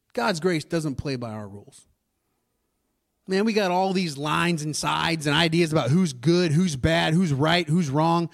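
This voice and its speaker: Man, pastor, sermon, lively pitch swings, fairly high voice, hushed asides to loud bursts. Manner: animated, acts out characters with big swings from hushed to loud.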